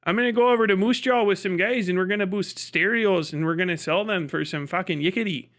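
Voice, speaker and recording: A man's voice: sits high, fast talker, a bit bright. A man voicing a stoned, rowdy young Canadian party guy who brags in a laid-back, slurring way. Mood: boastful.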